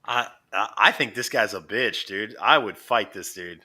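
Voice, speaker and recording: Brash, very bright-voiced man. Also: fairly low pitch, normal speed, slightly rough. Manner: boastful, profane, animated. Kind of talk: casual chat.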